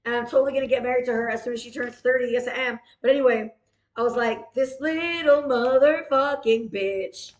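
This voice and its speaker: A woman with a fairly high voice rambles through a comic improv monologue. She is silly and profane and keeps catching herself with deadpan "wait, what?" corrections. The room around her sounds echoey. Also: racing. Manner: silly, deadpan asides, swearing, sudden self-corrections. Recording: roomy echo.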